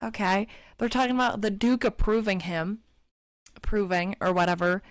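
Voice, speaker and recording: A woman's voice: mid-range voice, normal speed, no room sound, studio quality. A woman giving sarcastic, exasperated commentary while reviewing a webcomic, with frequent swearing. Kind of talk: casual commentary reading.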